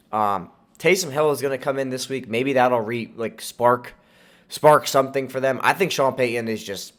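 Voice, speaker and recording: A sore throat gives this young man's fairly bright, medium-pitched voice a nasal quality and a slight lisp. Hosting a casual sports podcast, he offers strong opinions and rambles, using fillers and starting over often.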